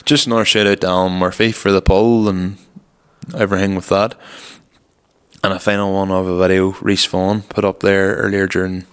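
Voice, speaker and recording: Man, young adult, casual podcast chat, very deep, reverberant room. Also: little pitch movement, fairly quick, clean tone. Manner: rambling storytelling with swearing. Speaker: podcast co-host.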